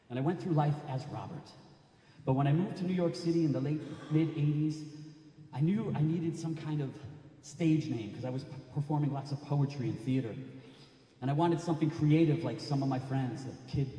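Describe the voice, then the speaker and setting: A man in his fifties from Connecticut performs a live solo story reading in an animated, dramatic way. His voice sits a little high for a man. The sound rings through a roomy library hall with a long reverb. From Connecticut, USA. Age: 50s. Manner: animated, dramatic, shouts sudden bangs.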